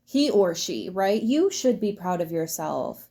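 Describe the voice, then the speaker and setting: A woman's voice: medium pitch, big pitch swings, unhurried, warm tone. A woman giving a casual tarot reading to her viewers in a chatty way, laughing often and swearing freely. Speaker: tarot reader.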